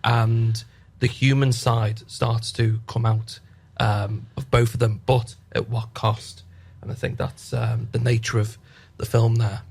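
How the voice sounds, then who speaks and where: Flat husky man explaining calmly. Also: mid-range voice, measured pace, hardly any pauses. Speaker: actor guest. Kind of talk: radio interview.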